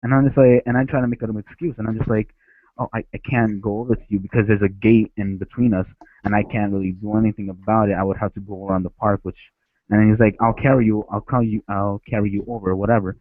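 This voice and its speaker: A man's voice: on the low side, flat delivery, quick pace, dry recording. A man from Ecuador calling in on a headset, telling a childhood story in a rambling way with many restarts. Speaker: caller. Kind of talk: phone-in storytelling. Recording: dry, tinny phone-like line.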